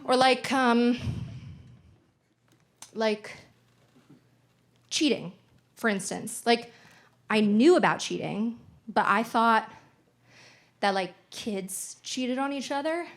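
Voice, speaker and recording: A woman's voice: on the high side, slow, long pauses. A woman in her twenties doing stand-up comedy on a theater stage, chatty and playful, leaning on lots of "like" as she tells stories. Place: theater stage with live audience. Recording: noisy live theater recording.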